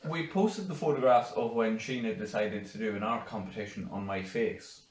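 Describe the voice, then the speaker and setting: A man's voice: fairly low pitch, moderate pace. A young man co-hosting a podcast in casual, joking chat, swearing and rambling. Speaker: podcast co-host. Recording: roomy, distant mic.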